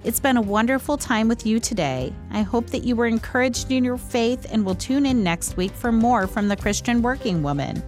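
A woman hosting a devotional podcast, reading a script in a calm, measured way. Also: a little high, faint music behind. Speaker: host.

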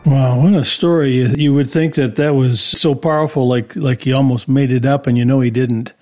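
A man's voice: mid-range voice, steady tone, normal speed, darkish tone, soft background music. A man hosting a Christian radio show, speaking in an encouraging, preacherly way to listeners. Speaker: radio host and Bible teacher.

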